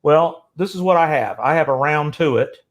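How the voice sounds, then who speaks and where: Enthusiastic male host, slightly high voice, casual and stumbling. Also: lively intonation, moderate pace. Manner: chatty, restarts often, enthusiastic. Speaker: host of a live show. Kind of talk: casual live-show chat.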